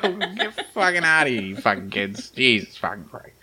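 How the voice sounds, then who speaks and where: A man putting on a gruff, swearing New Yorker shooing kids away, in a mock New York accent. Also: medium pitch, sing-song, moderate pace, crowd noise, pitched below the performer's own voice, lightly acted. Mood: cranky. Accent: put-on New York. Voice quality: loud, swearing.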